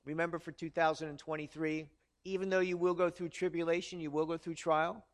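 A man with a high voice preaches a sermon. He keeps it earnest and conversational and often asks the congregation rhetorical questions. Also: little pitch movement, fairly quick. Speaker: pastor.

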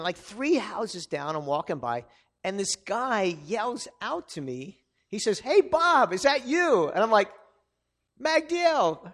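A man's voice: high-pitched, fairly bright tone. A man preaching a sermon in a conversational way, with asides and restarts. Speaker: pastor.

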